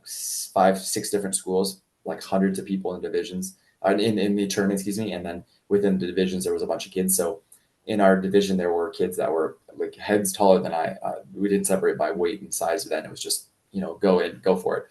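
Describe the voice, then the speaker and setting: A man, a martial arts instructor, telling a story in a casual interview, rambling with restarts and jumping much higher when he quotes people. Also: a little mellow, far from the mic. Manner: rambling with many restarts and fillers; acts out quoted voices in a much higher pitch.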